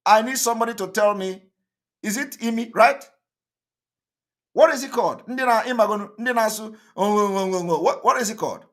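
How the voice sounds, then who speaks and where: A man's voice: sits high, fairly bright tone. A man hosting an online broadcast, talking emphatically and repeating himself as he comments on a played interview. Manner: emphatic, repetitive, quick to laugh.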